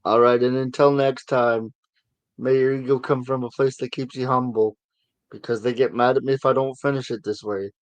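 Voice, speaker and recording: A man's voice: mid-range voice, level tone, normal speed, dry recording. A man hosting a casual sports talk show, chatty and given to sarcastic asides. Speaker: sports podcast host.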